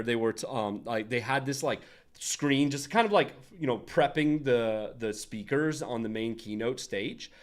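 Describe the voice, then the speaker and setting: A young man hosts a relaxed design livestream, talking off the cuff with lots of restarts. His voice sits at a medium pitch, and he laughs often as he answers his chat. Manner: rambling, restarts, frequent laughs and asides to chat. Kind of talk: casual livestream chat and tutorial.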